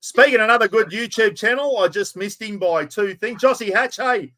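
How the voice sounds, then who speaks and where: A man's voice: high voice, fairly quick, bright, forceful tone. A man with an Australian accent hosting a casual chat, blokey and talkative, calling everyone mate. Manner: chatty, blokey, calls people mate. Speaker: podcast host.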